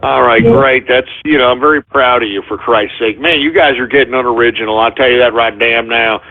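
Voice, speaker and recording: A man's voice: mid-range voice, fairly even intonation, a little fast. A man hosting a call-in radio show, ranting angrily and swearing at his callers. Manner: angry ranting, swears a lot. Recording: tinny phone-like broadcast audio.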